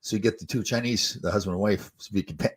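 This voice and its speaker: An older man, once a hockey player and now a host, tells stories in a loose, rambling way, restarting his sentences and chuckling. His voice sits low and a little husky, and the words tumble out quickly. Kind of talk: casual storytelling chat.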